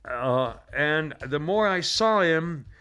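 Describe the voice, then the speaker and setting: A man's voice: on the high side, expressive, takes it slowly, pushed and bright, clean tone. A rambling talk radio host, a man with a slightly raised voice. He drifts between sponsor plugs and sarcastic political gripes, leaning into mocking mimicry. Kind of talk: casual talk radio chat.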